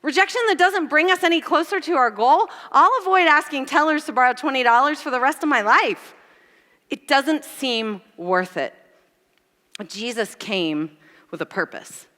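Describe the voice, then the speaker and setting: Bright high-voiced woman preaching. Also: normal speed, long reverb tail. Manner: animated, self-deprecating storytelling. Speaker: church speaker. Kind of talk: storytelling sermon.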